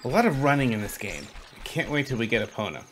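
A man's voice: medium pitch, sing-song, fast, fairly bright tone, a little hiss or hum. A man giving casual playthrough commentary, chatty and self-deprecating, laughing at his own slips. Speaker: gaming channel host. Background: game music.

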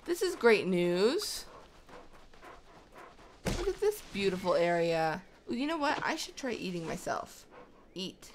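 A woman's voice: lowish voice, big pitch swings, takes it slowly, pauses often, background noise. A young woman giving casual let's-play commentary, chatting to the animals in her game as if they were her kids. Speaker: gaming YouTuber.

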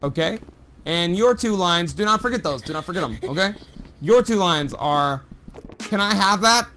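Animated high-voiced man hosting improv comedy. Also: moderate pace, a little hiss or hum. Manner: animated, shouts and laughs often. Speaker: comedy show host.

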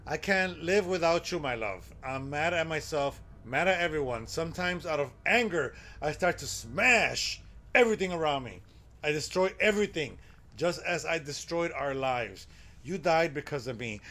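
A man's voice: a little high, animated, moderate pace, sharp tone. A man voicing a grieving old grandmother who blames herself, in a breaking, pleading delivery. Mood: anguished. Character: guilt-ridden grieving grandmother, old woman.

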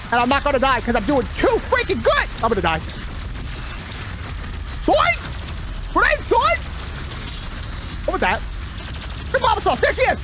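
A man giving live gameplay commentary, excitable, talking to himself and yelping when things go wrong. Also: extremely high pitch, background noise. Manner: excitable, talks to himself, yelps when panicked. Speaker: gaming channel host.

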